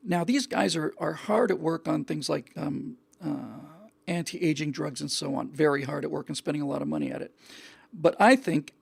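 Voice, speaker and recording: A man's voice: a little high, moderate pace, vocal fry, slightly rough, no room sound. A male show host giving an earnest opinion monologue, often repeating words and restarting his sentences.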